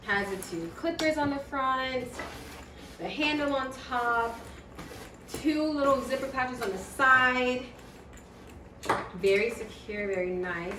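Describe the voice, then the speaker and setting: A woman's voice: sits high, slow, long pauses. A woman talking through an unboxing at home, gushing and laughing as she shows off new gear. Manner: excitable, gushing, lots of laughter. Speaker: vlogger. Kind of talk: unboxing vlog. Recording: echoey room from a distance with noise.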